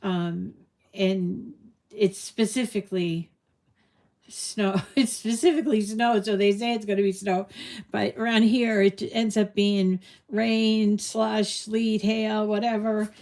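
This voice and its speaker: A chatty woman hosts a live crafting stream, rambling warmly with plenty of ums and self-corrections. Her voice is mellow and low in brightness, at a middling pitch for a woman. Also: fairly even intonation, takes it slowly. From New England. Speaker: crafting livestream host. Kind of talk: casual live-stream chat.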